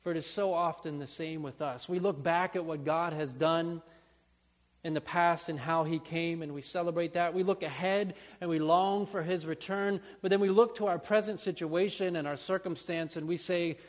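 Pastor guy preaching, kinda high voice, lots of church echo, earnest and pleading. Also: fairly even intonation, moderate pace. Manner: earnest preaching, rising to fervent pleas then dropping soft. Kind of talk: sermon.

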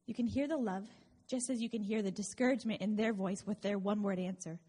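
A woman's voice: mid-range voice, fairly even intonation, fast talker, mellow, slightly rough, long reverb tail. A woman delivering a sermon in an earnest, conversational way, with wry asides to her listeners. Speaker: preacher.

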